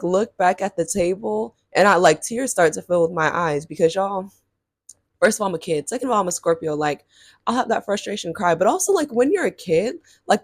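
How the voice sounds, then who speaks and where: A young Southern California woman, a storytime vlogger, tells her viewers a childhood story in casual, animated chat packed with "like" and "y'all." Her pitch leaps on quoted reactions, and the recording is dry and studio quality.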